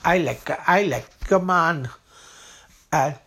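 A woman's voice: fairly low pitch, slow pace, fairly bright tone. A woman playing a blunt, chatty auntie in a comedy sketch. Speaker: comic auntie.

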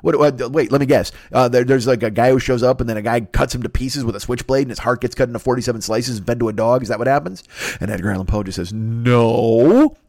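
A man's voice: medium pitch, fast, vocal fry, a little mellow. A man in his fifties telling a rambling, profane comedic monologue, jumping into silly voices for the people in his story. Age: 50s.

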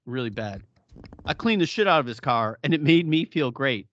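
A man's voice: medium pitch, lively intonation, moderate pace, fairly bright tone, muffled recording. A middle-aged man co-hosting a podcast in casual chat, blunt and profane, often laughing. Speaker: podcast co-host.

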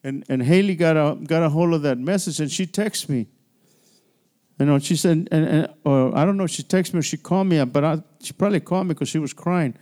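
Brisk and mellow, with a voice on the high side, this pastor preaches midweek in a church sanctuary. His style is conversational, full of restarts and call-and-response.

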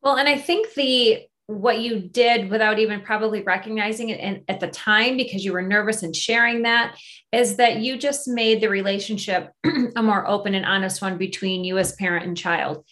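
A woman's voice: mid-range voice, fairly even intonation, moderate pace, fairly bright tone. A woman hosting a podcast interview, listening attentively with short affirmations, then reflecting on what her guest shared. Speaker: podcast host.

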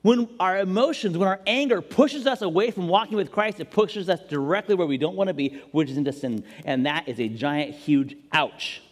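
A man preaching a sermon as pastor, animated and jokey, acting out quotes as he goes. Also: high-pitched, normal speed, few pauses. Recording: long reverb in a large hall.

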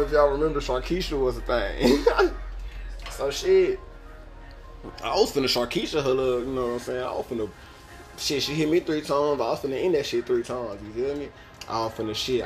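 A young man, telling a podcast story in a casual, profane, laughing way. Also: mid-range voice. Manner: profane, laid-back, laughing asides. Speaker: podcast host.

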